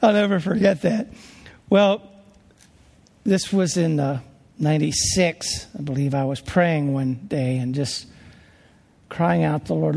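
Gravelly high-voiced pastor in a hall. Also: male voice, unhurried, pauses often, a little mellow. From Pennsylvania. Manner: earnest, conversational, with restarts. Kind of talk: sermon storytelling.

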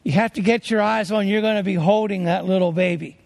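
A man's voice: sits high, steady tone, brisk, vocal fry, darkish tone. A man preaching a sermon as a traveling preacher, earnest and emphatic as he tells stories.

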